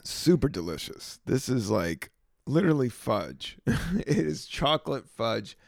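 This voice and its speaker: Gravelly, creaky-voiced man rambling. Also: mid-range voice, unhurried, no room sound. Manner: relaxed, meandering, lots of fillers. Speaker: podcast host and stand-up comedian. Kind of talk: casual rambling monologue.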